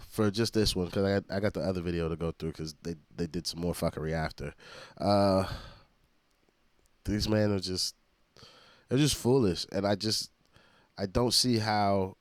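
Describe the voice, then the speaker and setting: A man's voice: sits low, no echo. A man hosting a reaction video, commenting in a blunt, profane, exasperated way.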